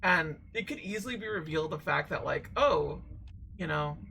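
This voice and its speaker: A woman's voice: deep voice, animated, moderate pace, creaky, bright, forceful tone, rough recording. A woman streaming a game, talking in rambling, chatty commentary and laughing often. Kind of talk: casual let's-play commentary.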